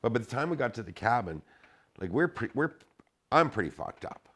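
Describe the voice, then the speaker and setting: A man's voice: mid-range voice, very animated, fairly quick, fairly bright tone. A middle-aged man telling a story in casual speech, swearing often and acting out the dialogue in a raised voice.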